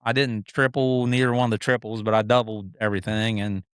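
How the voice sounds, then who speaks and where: Middle-aged guest storyteller, smooth, dry close sound, animated, acts out others. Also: male voice, lowish voice, brisk, no echo. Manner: animated, acts out quoted people, frequent restarts. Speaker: podcast guest, motocross racer. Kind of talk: casual storytelling.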